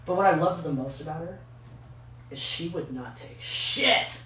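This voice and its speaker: A woman's voice: deep voice, a little slow, slight background noise. Profane storytelling woman in echoey room. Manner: animated, profane, acts out quoted voices. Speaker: podcast co-host. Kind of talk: casual storytelling chat. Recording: echoey room from far off mic, faint ambience.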